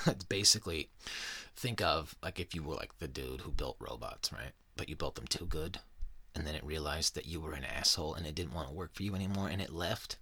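A man's voice: sits low, bright, forceful tone, husky, no room sound. A man hosting a casual podcast, talking in a profane, rambling and sarcastic way. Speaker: podcast host. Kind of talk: casual chat.

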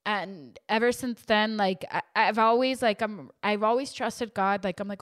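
Young woman podcaster, clear smooth voice, halting and emotional, lots of "like" and restarts. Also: medium pitch. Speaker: podcast host. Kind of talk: personal storytelling.

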